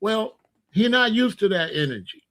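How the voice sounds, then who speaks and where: A man's voice: sits high, big pitch swings, moderate pace, fairly bright tone. A middle-aged man hosting his own commentary channel, talking in a casual opinion monologue and telling stories with sound effects and mock voices.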